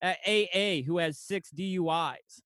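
A man chatting casually, making sardonic, profane deadpan jokes. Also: sits high, a little slow, no echo. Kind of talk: casual chat.

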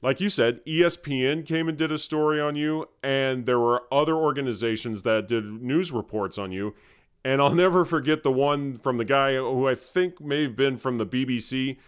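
A man's voice: mid-range voice, normal speed, smooth. A man in his forties hosting an interview, telling stories in a conversational way. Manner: storytelling, conversational. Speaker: host. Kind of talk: podcast interview.

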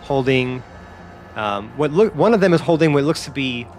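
A man's voice: mid-range voice, lively intonation, normal speed, slight background noise. Rambling male game master. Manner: rambling, many fillers. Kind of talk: narrating a tabletop game.

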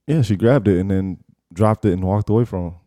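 A man's voice: fairly low pitch, fairly quick, dark tone, no echo. A man reading out news stories to friends in a laid-back group chat. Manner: reads headlines aloud, laid-back.

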